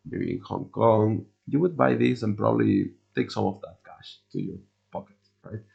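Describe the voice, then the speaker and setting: A man hosting an investing video, losing his voice a bit, explaining charts in a halting, casual way with many restarts and fillers. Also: on the low side, gravelly, darkish tone, slightly rough, lo-fi sound.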